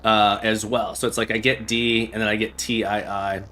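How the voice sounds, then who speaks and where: A man's voice: fairly low pitch, flat delivery, normal speed, pushed and bright, low-quality recording. A man hosting a livestream, playing a game and thinking aloud as he sounds out Morse code beeps. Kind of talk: casual livestream chat while playing.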